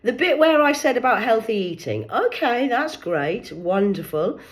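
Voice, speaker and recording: Sarcastic County Durham woman, very lively pitch. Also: normal speed. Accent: County Durham English. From north of England. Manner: mocking, swears freely, acts out both sides of phone calls. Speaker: social media creator. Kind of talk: sarcastic storytelling monologue.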